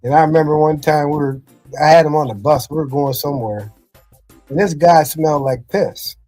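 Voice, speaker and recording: A man's voice: a little high, normal speed, darkish tone, faint music behind. A middle-aged man, a former football coach, telling rambling family anecdotes in casual podcast chat, often saying "you know".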